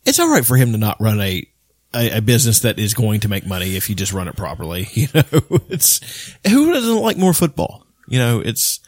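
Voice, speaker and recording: Man, casual chat, swinging pitch, dry close sound, rambling, swearing. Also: big pitch swings, a little fast, hardly any pauses, dry recording. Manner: rambling storyteller, swears often, many restarts.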